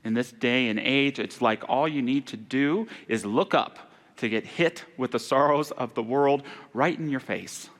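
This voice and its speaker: A man delivering a Sunday sermon as minister, earnest and turning hushed on sorrowful passages. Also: medium pitch, unhurried. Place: church sanctuary. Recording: long hall reverb in a church.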